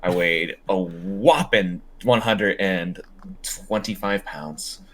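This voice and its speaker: A young man co-hosting a podcast, telling animated stories in casual chat and laughing often. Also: deep voice, slow pace, a little hiss or hum. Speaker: podcast co-host.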